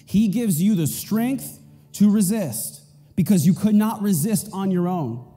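A man's voice: high-pitched, expressive, a little slow, mellow, in a large hall. A man preaching a sermon as pastor, emphatic and repeating his key points. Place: church auditorium.

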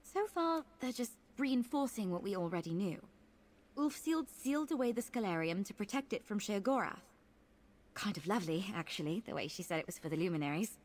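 A woman's voice: medium pitch, expressive, fairly quick, darkish tone, natural voice. An actress voicing an eager, curious young woman scholar companion in a video game, talking with enthusiasm. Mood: thoughtful.

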